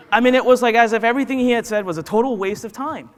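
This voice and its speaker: A man's voice: very high voice, rapid-fire. A man giving a motivational talk, telling personal stories and acting out the dialogue in them. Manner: animated storyteller who acts out dialogue. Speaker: motivational business speaker. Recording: long hall reverb.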